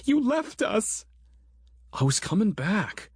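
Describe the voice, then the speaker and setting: A man's voice: high voice, animated, measured pace, no echo, clean studio sound, pitched above the performer's own voice. A man voicing a distraught young woman survivor, screaming and wailing as she describes a loss. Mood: furious.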